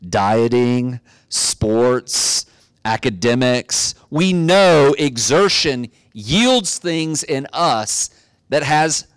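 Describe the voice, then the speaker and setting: A man's voice: medium pitch, clean tone, no room sound. Man preaching a conversational sermon. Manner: conversational storytelling that builds to emphatic, rising exhortation. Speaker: pastor.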